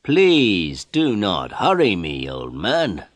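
A man reading a storybook aloud, voicing a proud, brusque middle-aged photographer who talks slowly and emphatically. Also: fairly low pitch, wildly swooping pitch, no echo, heavily acted. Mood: boastful. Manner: boastful, brusque, slow and emphatic.

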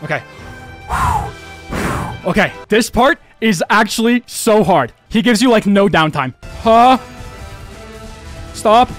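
Excitable high-voiced young male streamer. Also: a little slow, pauses often, soft background music. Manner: excitable, swears a lot, talks to chat. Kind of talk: live gameplay commentary.

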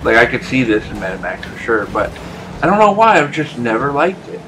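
A man commentating his own gameplay casually, ranting and swearing at his teammates, his voice jumping up into yells. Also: medium pitch, big pitch swings, brisk, music in the background. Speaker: gameplay streamer.

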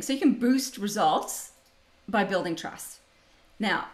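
A middle-aged Canadian woman presenting a leadership webinar over a video call, chatty and upbeat, laughing often. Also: mid-range voice. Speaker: leadership speaker hosting a webinar.

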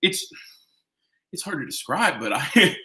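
A man hosting a casual live cooking stream, chatting with his viewers in a rambling way and gushing with excitement as he eats and talks. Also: on the high side, unhurried. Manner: gushing with excitement while tasting. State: eating while talking. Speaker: home cook streaming live. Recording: roomy, echoing room sound.

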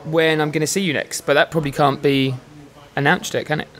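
A man's voice: on the high side, flat delivery, a little fast, fairly bright tone. A man from England with an English accent, a guest chatting casually on a podcast with dry, teasing humor. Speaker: guest wrestler. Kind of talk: casual chat.

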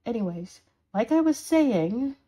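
A woman's voice: a little high, expressive, measured pace, warm tone. A woman voicing a sarcastic, scolding horned demon in an audio role-play for a listener. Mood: exasperated scolding. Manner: sarcastic, scolding, dramatic swings.

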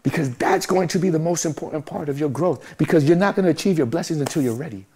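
A man's voice: on the high side, quick pace, warm tone, breathy edge. A middle-aged man, giving a candid interview in an emphatic, repetitive, motivational way. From Brooklyn, New York. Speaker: guest, music manager.

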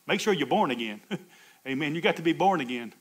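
A male pastor preaching a sermon, swinging from loud, high exclamations to soft, low asides and chuckling between points. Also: animated, brisk. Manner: call-and-response preaching, laughs between points.

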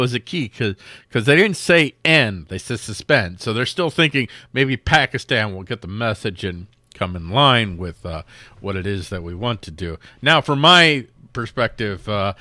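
A man's voice: medium pitch, sharp tone, no room sound, studio quality. A man hosting a casual political news commentary show, sarcastic and given to mocking the people he quotes. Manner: sarcastic, mocks quoted figures in silly put-on voices.

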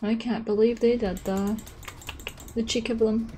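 A woman's voice: a little high, steady tone, a little slow, mellow, slight background noise. A young woman from Boston giving sarcastic let's-play commentary over a game. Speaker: gaming streamer.

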